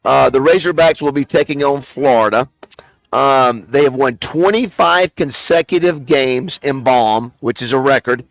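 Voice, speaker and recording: Brief: male radio host, chatty and halting, dry sound. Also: mid-range voice, vocal fry, no room sound, faint music behind. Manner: chatty, halting, many fillers. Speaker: radio morning show host. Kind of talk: live on-location radio chat.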